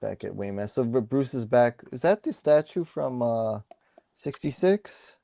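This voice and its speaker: Gravelly, mellow-voiced podcast guy. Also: medium pitch, animated, unhurried, no echo, studio quality. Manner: laid-back, jokey, lots of fillers and murmured agreement. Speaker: podcast co-host. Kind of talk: casual comic book discussion.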